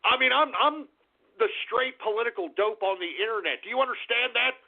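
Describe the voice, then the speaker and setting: A man puts on a cranky old radio host with a very high, gravelly voice, who flies into shouting, cursing tirades at his listeners. He is a hot-tempered war veteran with a short fuse. The sound is thin and tinny, like a call-in phone line. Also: brisk, full character voice. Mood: pompous. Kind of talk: comedic radio character rant.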